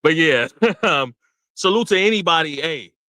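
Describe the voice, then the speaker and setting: Man, young adult, livestream rant, bright, dry close mic. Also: fairly high pitch, moderate pace, no room sound. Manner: animated, laughing, swearing, repeats himself. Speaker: livestream host.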